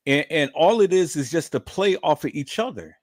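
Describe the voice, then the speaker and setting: A livestream host with a fairly high, animated voice talks at a moderate pace. His commentary is emphatic and repetitive, full of profanity, and he keeps calling out to his viewers.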